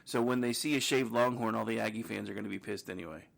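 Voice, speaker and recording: A man's voice: fairly low pitch, creaky. A middle-aged man co-hosting a radio talk show, chatting casually and cracking jokes. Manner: joking, quick asides. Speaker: podcast co-host. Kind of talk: casual chat.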